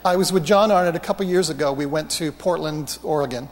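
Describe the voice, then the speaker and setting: High-voiced male preacher in a reverberant hall. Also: quick pace. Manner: anecdotal, animated, self-mocking humor. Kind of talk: storytelling sermon.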